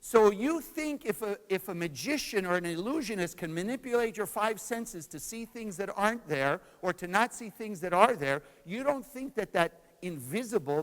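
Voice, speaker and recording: A Kabbalah teacher gives a spiritual lesson to a class, posing questions and answering them himself. His voice sits high, and the rough recording has a long reverb tail.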